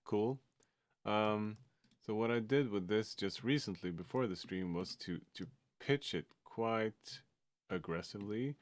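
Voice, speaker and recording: On a dry recording, a man from Sweden who produces music chats on a livestream in a lowish, slightly slow voice. His speech is hesitant, packed with fillers and false starts.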